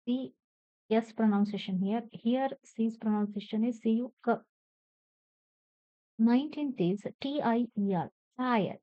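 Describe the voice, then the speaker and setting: Fairly high-pitched and measured, with long pauses, this Indian woman teaches English pronunciation in her Indian English accent, spelling out each word letter by letter and then saying it carefully. There's no echo, and the lo-fi recording sounds dry and slightly dull.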